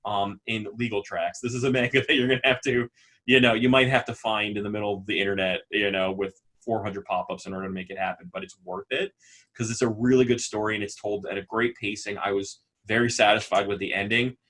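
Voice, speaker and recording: A man co-hosting a casual podcast, talking animatedly, often laughing and breaking into quick character impressions. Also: lowish voice, fairly even intonation, fairly bright tone. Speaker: podcast co-host. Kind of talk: casual chat.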